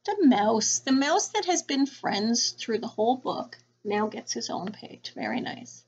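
Teacher, woman, high voice, slow playful read-aloud, muffled home recording. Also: very animated, a little mellow, breathy edge. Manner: playful, sing-song animal rhymes. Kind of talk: read-aloud lesson for children.

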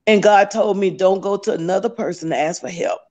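A woman's voice: medium pitch, brisk, dark tone. A woman giving a fervent, tearful spoken religious testimony, repeating phrases as she speaks. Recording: dull lo-fi recording.

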